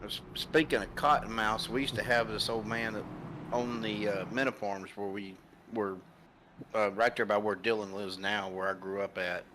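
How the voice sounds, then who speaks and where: A man co-commentating, telling a rambling story with lots of fillers and pauses. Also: on the low side, steady tone, fairly bright tone, slight background noise, low-quality recording. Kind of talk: casual chat.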